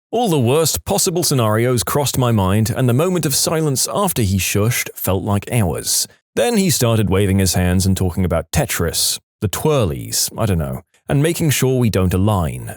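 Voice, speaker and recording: A man narrating reader-submitted stories in a scripted, expressive way, acting out the quoted lines with changing voices. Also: on the low side, normal speed, few pauses, no echo, studio quality. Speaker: storytime narrator.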